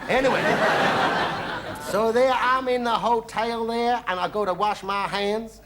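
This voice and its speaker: A comedian's very high-pitched male voice, a bit bright, stays fairly even in intonation and moves at a measured pace. Playing a boastful, folksy American traveller with an affected Southern drawl, he whoops "ooh-wee" and tells tall tales in a cheeky 1970s TV stand-up monologue, with audience noise filling the studio recording.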